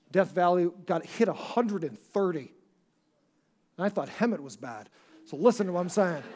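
A man preaching a sermon as pastor, talking conversationally with many restarts and asking the congregation questions. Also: high voice. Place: church service before a congregation.

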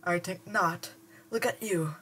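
A woman's voice: on the low side, measured pace, fairly bright tone, a little hiss or hum. A woman reading the lines of a cold, calculating boy mastermind in a clipped, condescending way.

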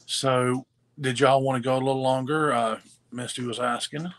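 A man co-hosting a live sales stream in a casual, halting way, full of fillers, greeting viewers by name. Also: mid-range voice, fairly even intonation, a bit bright. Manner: halting, many fillers and restarts. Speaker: livestream co-host reading viewer comments.

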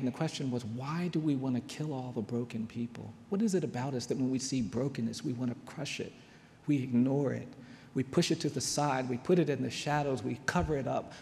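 Earnest male speaker, slow storytelling delivery, gravelly timbre, reverberant hall. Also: medium pitch, darkish tone. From United States. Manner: earnest, with long pauses and repeated phrases. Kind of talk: storytelling talk. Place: large hall.

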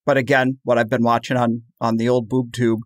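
A man co-hosting a podcast in casual chat, chatty and animated when quoting others. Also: medium pitch, brisk, no room sound, studio quality. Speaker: podcast co-host.

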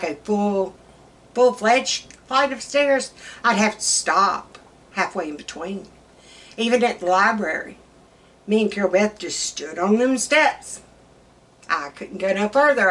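A middle-aged woman co-hosts a channel, chatting casually in a mid-range, slightly bright voice. She tells teasing stories and laughs as she goes.

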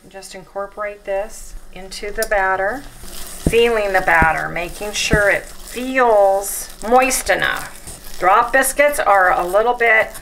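A woman hosting a casual home cooking demonstration in her kitchen, chatting to viewers as she works and repeatedly saying how excited she is. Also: medium pitch, slow, noisy background. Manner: chatty, talks straight to viewers as "you guys". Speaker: home cook and channel host.

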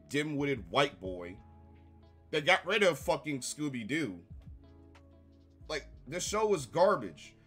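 Forceful, heated man ranting with profanity. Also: on the high side. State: slightly ill. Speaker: online show reviewer. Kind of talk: angry commentary rant.

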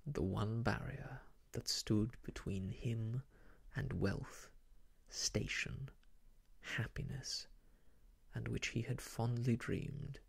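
A man narrates an old novel in a soft ASMR hush, his delivery unhurried and drawn out. His low tones carry a gravelly rasp and an airy, husky texture. He sits close to the microphone, many phrases slipping into a near-whisper. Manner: hushed, half-whispered reading. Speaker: storyteller.

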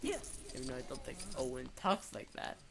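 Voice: mid-range voice, sing-song, normal speed, vocal fry, background noise. A gamer giving casual, joking, sarcastic commentary while playing. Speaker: let's play gamer.

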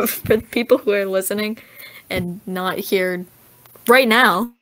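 A woman's voice: medium pitch, takes it slowly, a bit bright, low-quality recording. A young woman co-hosting a casual group podcast over a voice call, teasing the others and steering the talk. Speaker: podcast co-host.

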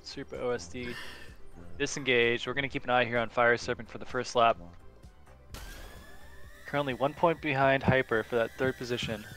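A man giving excited play-by-play commentary on a drone race. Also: medium pitch, moderate pace, pauses often, faint music behind.

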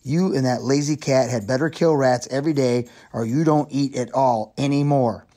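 A cruel, bullying farmer who barks slow, threatening commands, as a male reader takes him on. The voice stays near the reader's own but turns gruff and menacing. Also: medium pitch, dark tone, natural voice.

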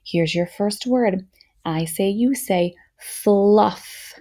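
A woman teaching a phonics lesson to young children, sounding words out slowly and patiently with steady encouragement. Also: mid-range voice.

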